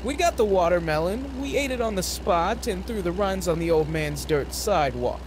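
A man reading a novel aloud as narrator, with an expressive delivery. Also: high-pitched, moderate pace, noisy background. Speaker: audiobook narrator.

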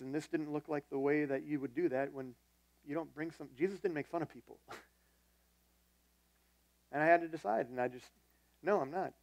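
A man's voice: fairly high pitch, dry recording. Conversational male pastor with a dry sound. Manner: conversational storytelling, self-deprecating. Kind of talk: sermon.

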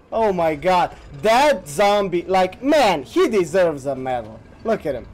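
Man, gaming streamer, crying with laughter, swearing, wildly varied pitch, slow talk. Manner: helpless hysterical laughter, swearing. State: laughing to tears. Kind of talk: live-stream gameplay commentary.

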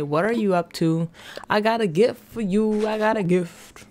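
Woman, gaming vlogger, casual commentary, excitable, rushed, dramatic. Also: medium pitch.

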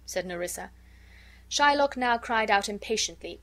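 Her delivery is even and measured as she reads a classic story aloud, an audiobook narrator with a medium-pitched voice.

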